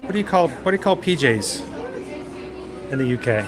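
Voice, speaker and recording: This man strolls an outdoor theme park walkway while hosting a casual livestream, chatting, wandering between topics and joking lightly. His mid-range voice is very animated at a moderate pace, with a busy park crowd audible behind.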